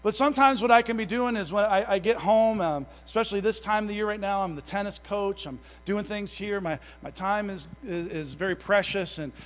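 High-voiced male preacher, folksy. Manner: folksy storytelling with self-deprecating asides; builds to a louder, slower fervor. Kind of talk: conversational sermon. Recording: tinny, phone-like sound in a long reverberant hall.

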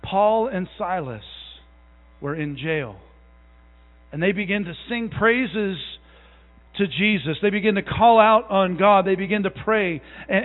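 A man in his thirties delivers a conversational sermon in a fairly high voice, mixing folksy family stories with self-deprecating jokes. He builds to slow, emphatic conviction. The sound is narrow and phone-like, with a long hall echo trailing behind it. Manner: builds to a louder, slower fervor. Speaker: preacher.

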